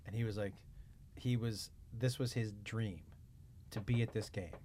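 A podcast co-host tells stories in casual chat, an animated narrator who swears freely and acts out what people said. His voice is on the low side at a moderate pace, with slight background noise.

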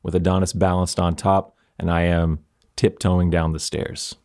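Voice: deep voice, flat delivery, moderate pace, a little mellow. A player in a tabletop game, talking in a casual, wry, laid-back way.

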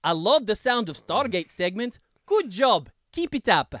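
A man co-hosting a podcast, reading a listener's email aloud in a casual, animated way and laughing between lines. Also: high-pitched, measured pace, no echo, clean studio sound. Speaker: podcast co-host.

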